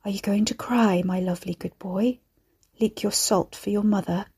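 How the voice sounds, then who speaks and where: A woman voicing a doting, sinister undead mother who speaks in a soft, slow croon. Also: mid-range voice, steady tone, husky. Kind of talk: audiobook character voice.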